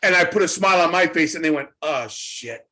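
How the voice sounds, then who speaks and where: A middle-aged man, a guest in an interview, telling a story in a casual, animated way, often repeating his words as he goes. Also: high-pitched, very fast. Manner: animated retelling, acts out quoted voices, repeats words. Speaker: interview guest, former wrestling trainer.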